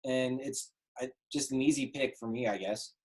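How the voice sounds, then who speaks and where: A young man co-hosting a casual sports talk show, chatty and jokey with quick interjections. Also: medium pitch, a little mellow. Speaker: podcast co-host, mock draft participant.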